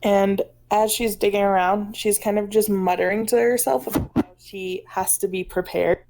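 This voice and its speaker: A woman's voice: mid-range voice, fairly even intonation, moderate pace, darkish tone. Woman player, casual, many fillers, describing her character's moves.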